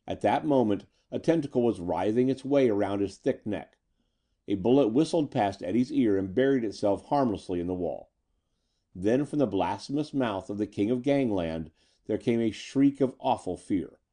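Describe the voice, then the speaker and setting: A man narrating a pulp story in a measured, dramatic reading. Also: lowish voice, animated, warm tone.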